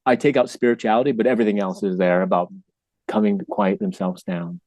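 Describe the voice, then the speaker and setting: A man telling an earnest, emotional story as a podcast guest, sometimes dropping soft and low. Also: fast, dry recording. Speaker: podcast guest, actor and workshop teacher. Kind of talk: casual storytelling.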